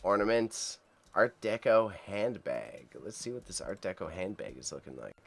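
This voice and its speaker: A man's voice: low-pitched, expressive, moderate pace, gravelly. A man hosting a casual livestream, chatty and upbeat, talking to viewers in the chat and reading item names aloud as he stumbles over tricky words. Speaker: livestream host reacting to auction items.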